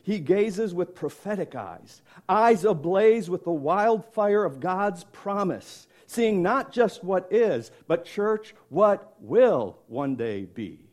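Male pastor, dramatic emphatic sermon delivery, slow and deliberate pace. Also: high-pitched, lively intonation, a little mellow. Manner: dramatic, emphatic storytelling with questions to the congregation.

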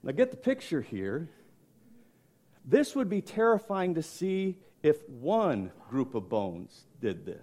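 Male pastor, dramatic emphatic sermon delivery, slow and deliberate pace. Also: fairly high pitch, sing-song, a little mellow. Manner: dramatic, emphatic storytelling with questions to the congregation.

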